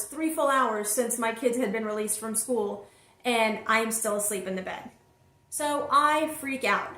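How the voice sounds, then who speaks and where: Woman host, fairly high voice, lively first-person storytelling addressed to the viewer, recorded in an echoey room. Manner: animated storyteller who speaks straight to her listeners. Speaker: vlog host and single mother.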